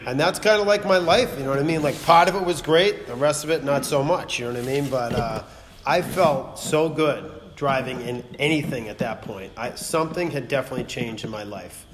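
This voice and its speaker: A man's voice: fairly high pitch, moderate pace, a crowd in the background. A man, telling his story to a recovery meeting in a blunt, profane, rambling way that keeps circling back to "you know what I mean.". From Massachusetts. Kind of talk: personal testimony to a group. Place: meeting room. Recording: long hall reverb, faint noise.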